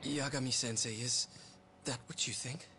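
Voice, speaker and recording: A man's voice: mid-range voice, fairly even intonation, moderate pace, sharp tone, slight background noise. A man voicing an anxious young hospital worker accused of a crime in a video game, pleading and worried. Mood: tense. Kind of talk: game voice acting.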